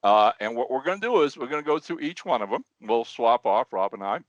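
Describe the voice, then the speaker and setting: A man co-hosting a podcast in casual chat, an animated storyteller who often restarts his words. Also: medium pitch, a little fast, no echo, lo-fi sound. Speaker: podcast co-host.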